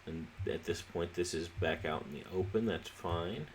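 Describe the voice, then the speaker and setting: A man with a very low voice gives relaxed, halting commentary while he plays a city-building game, thinking aloud as he goes. He sounds a little sleepy, and faint noise sits under the recording. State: sleepy, yawning. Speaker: let's play host. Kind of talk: casual gameplay commentary.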